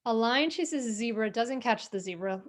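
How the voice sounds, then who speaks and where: A woman coaching parents in a workshop talk, calm, with slow deep breaths between points.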